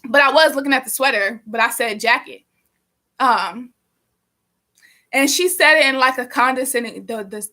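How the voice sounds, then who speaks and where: Young woman, bright and fairly high voice, chatty live-stream storyteller, swears freely. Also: normal speed, pauses often. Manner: animated, profane, rambling with many fillers. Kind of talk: casual storytelling.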